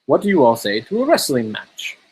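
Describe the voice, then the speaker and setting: A man's voice: mid-range voice, huge pitch swings, brisk, a little mellow, a little hiss or hum, rough recording. A man reading a fairy tale aloud, voicing a strong, cheerful mountain boy who gives orders to his animal friends. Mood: cheerful, commanding.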